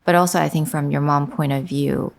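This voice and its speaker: Woman podcast host, affirming, really low voice, gravelly. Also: steady tone, fairly quick. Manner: warm, affirming listener. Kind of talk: interview conversation.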